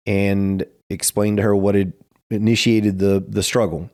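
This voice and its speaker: A man's voice: little pitch movement, a little slow, a little mellow. A man who runs a martial arts school, talking casually in a podcast interview and telling stories with plenty of "you know" fillers. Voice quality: gravelly, creaky low voice.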